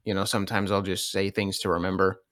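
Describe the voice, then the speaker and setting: A man in casual podcast chat with a dry, matter-of-fact, low-key way of talking. His voice sits a little low. The sound is dry and close. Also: flat delivery, fast, fairly bright tone, no room sound. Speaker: podcast co-host.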